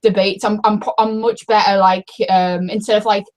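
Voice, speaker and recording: A woman's voice: medium pitch, little pitch movement, normal speed, darkish tone. A woman chatting casually as a guest, hesitant, with many restarts and fillers. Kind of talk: casual chat.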